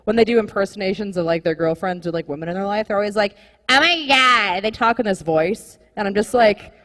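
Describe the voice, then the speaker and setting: A young woman performing a live stand-up comedy set, rambling and animated, full of "like" fillers. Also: medium pitch, fast talker, in a large hall. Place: comedy club stage with live audience.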